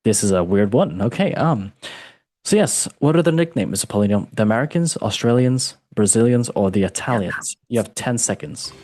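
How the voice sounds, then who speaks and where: A man's voice: fairly low pitch, lively intonation, a little fast, a little mellow, no room sound. A man hosting a football quiz, playful and teasing, calling his guest mate. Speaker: podcast host and quizmaster. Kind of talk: casual podcast chat.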